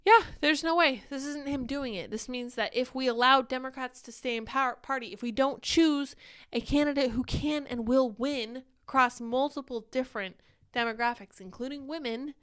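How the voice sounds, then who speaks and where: A chatty young woman hosts a live stream, talking casually and reading out viewer comments. Her voice sits a bit high and comes through smooth and clean. She sounds slightly short of breath. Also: moderate pace. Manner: chatty, animated, reads viewer comments aloud. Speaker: livestream show host.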